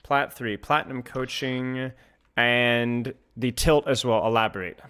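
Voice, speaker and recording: A man's voice: mid-range voice, steady tone, a little slow, pushed and bright, clear, resonant tone. A man coaching a player in a casual chat, joking and teasing as he goes. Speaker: game coach.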